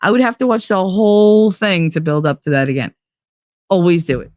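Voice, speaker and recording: A middle-aged woman hosting a live show, chatting casually in a blunt, profane, animated way. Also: fairly low pitch, brisk, no echo, studio quality. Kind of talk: casual chat on a live stream.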